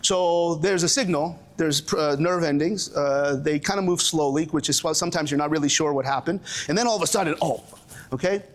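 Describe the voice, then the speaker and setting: Brooklyn-accented male presenter, fairly high voice, jokey, stop-start delivery, live seminar room. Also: fairly quick. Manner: joking, with frequent restarts and audience call-outs. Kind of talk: animated live seminar talk. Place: lecture room with a live audience.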